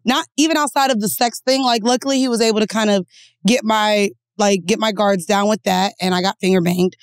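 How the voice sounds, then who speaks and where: A woman co-hosting a podcast, telling stories in a blunt, profane, animated way. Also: medium pitch, brisk, smooth, dry recording, clean studio sound. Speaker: podcast co-host. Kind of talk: candid casual chat.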